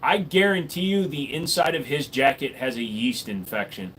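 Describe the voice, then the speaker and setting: A man's voice: medium pitch, moderate pace, fairly bright tone, a little hiss or hum. Crude joking man on a stream. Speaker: streamer answering chat. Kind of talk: casual live stream chat. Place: home room with gun wall.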